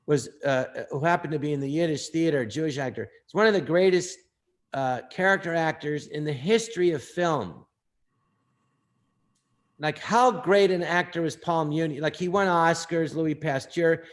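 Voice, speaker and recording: A man with a fairly high-pitched voice tells show-business stories in a relaxed, conversational way. He is animated and keeps dropping into quick impressions of the people in his stories. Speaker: actor and comedian guest. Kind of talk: casual anecdotal storytelling.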